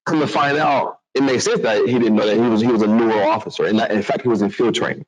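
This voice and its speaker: A man telling a personal story to an audience in a lively, animated way. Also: on the low side, fast talker, muffled recording. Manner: animated, acts out other voices, restarts a lot.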